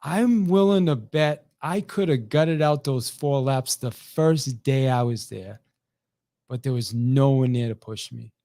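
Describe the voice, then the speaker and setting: A middle-aged man telling a motivational story as a sales trainer, animated, acting out the quoted lines, often restarting his sentences. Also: mid-range voice, unhurried, no echo. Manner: animated, acts out quoted dialogue, frequent restarts.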